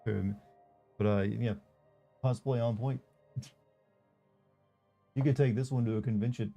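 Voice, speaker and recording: Mellow man streaming a game. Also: mid-range voice, measured pace, gravelly, muffled recording, faint music behind. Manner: relaxed, chatty, thinking aloud. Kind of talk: casual gameplay commentary.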